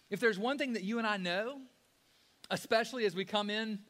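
A man preaching with a very high-pitched voice. He talks to the congregation casually, dropping to near-quiet and then rising to loud, fervent peaks. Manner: preaching with sudden loud rises and soft drops; conversational, addresses listeners as guys. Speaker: pastor. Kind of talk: sermon.

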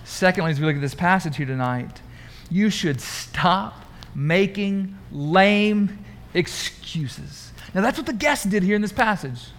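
High-voiced preacher, chatty. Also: male voice, measured pace. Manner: conversational, animated, asks the congregation questions. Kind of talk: sermon. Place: church room.

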